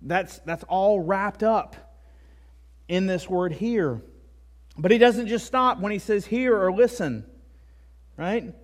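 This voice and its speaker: A man's voice: high voice, slow, pauses often. A male pastor delivering a sermon in a conversational way, with frequent asides and tag questions. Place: church.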